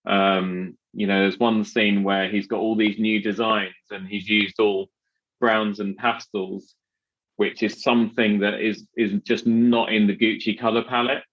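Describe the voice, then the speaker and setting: A man hosting a podcast in relaxed, rambling chat, often restarting his sentences. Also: fairly low pitch, measured pace, highs cut off. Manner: chatty, rambling with many restarts and fillers. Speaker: podcast host.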